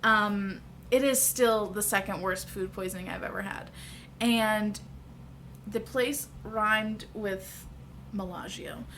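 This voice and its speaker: A woman's voice: mid-range voice, slow, fairly bright tone, a little hiss or hum. A woman in her thirties telling a personal story to camera in a chatty, candid vlog, laughing easily. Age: 30s. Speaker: vlogger.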